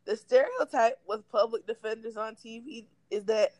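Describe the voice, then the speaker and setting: Animated, slangy woman telling a story. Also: a little high, moderate pace, dry recording, poor audio. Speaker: podcast co-host. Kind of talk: casual storytelling chat.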